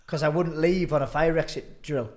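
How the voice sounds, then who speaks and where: A man's voice: fairly high pitch, moderate pace, darkish tone. A man hosting a casual podcast, telling stories with swearing and laughter. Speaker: podcast host. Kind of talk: casual chat.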